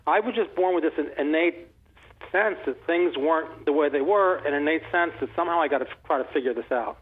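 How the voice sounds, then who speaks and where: Fast-talking older man on a phone line. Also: fairly high pitch, breathy edge. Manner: animated, rambling, many restarts. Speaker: author and interview guest. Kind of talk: casual conversational storytelling.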